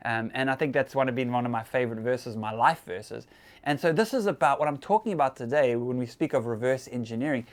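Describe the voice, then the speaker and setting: A man's voice: mid-range voice, brisk. A man hosting a casual church talk, chatty and conversational with fillers and laughs.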